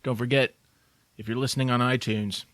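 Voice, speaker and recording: A man's voice: medium pitch, steady tone, a little fast, fairly bright tone, no room sound. Co-host, man with a mid-range voice, easygoing and a little teasing, dry studio sound. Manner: laid-back, brief replies and playful sign-off. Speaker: podcast co-host. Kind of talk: casual podcast chat.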